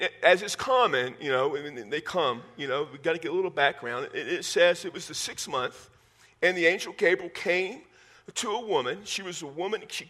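Bright-voiced pastor in his fifties. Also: fairly high pitch. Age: 50s. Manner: folksy, repeats words when restarting, jokes with the congregation. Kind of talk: sermon.

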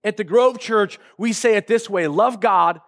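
A male pastor preaching a sermon emphatically, stretching key phrases and rising to shouts. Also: high voice, unhurried, gravelly.

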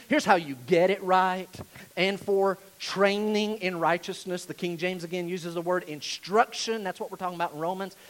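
A man delivering a sermon in a church, his voice pitched high for a man. He leans hard on repeated phrases and lets his volume rise and fall sharply. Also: rough recording. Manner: emphatic, repeats key phrases, varies loudness widely. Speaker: pastor.

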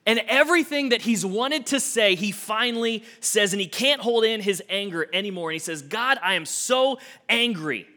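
A young adult man, an associate minister, preaching a sermon with expressive swings from emphatic to hushed. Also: high voice, a little fast, few pauses.

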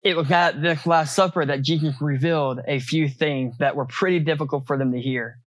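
A man's voice: fairly high pitch, fairly even intonation, a little fast, no room sound. A man preaching a sermon as pastor, in a conversational way with many rhetorical questions and repeated words.

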